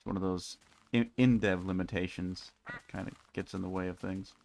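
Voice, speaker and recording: A man's voice: deep voice, fairly even intonation, normal speed, creaky, darkish tone. A young man rambling wryly through casual live-stream chat while playing a game, with many restarts. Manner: rambling, wry, frequent restarts. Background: faint music.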